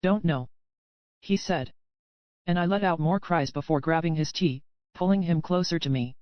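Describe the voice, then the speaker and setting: A woman narrating a first-person romance audiobook in a steady storytelling manner, heard as dry, slightly dull audio. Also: low voice, normal speed, dry recording.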